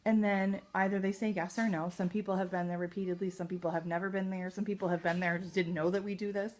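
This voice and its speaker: A woman's voice: fairly low pitch, little pitch movement, fast, darkish tone, a little hiss or hum. Upbeat chatty woman coaching a team. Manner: upbeat and chatty, many fillers. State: excited and nervous. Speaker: sales team leader. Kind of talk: casual training talk. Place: home at night.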